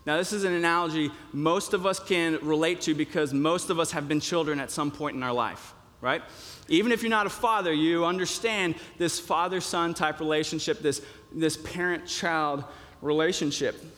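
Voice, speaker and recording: A man's voice: fairly high pitch, moderate pace, a bit bright. A young man preaching a sermon in a conversational way, with many fillers and restarts. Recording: long reverb of a hall.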